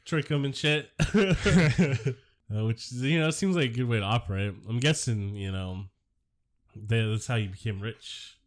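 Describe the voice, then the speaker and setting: A man's voice: medium pitch, unhurried. A man co-hosting a podcast in casual chat, rambling and swearing, laughing often, sick with a cough. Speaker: podcast co-host.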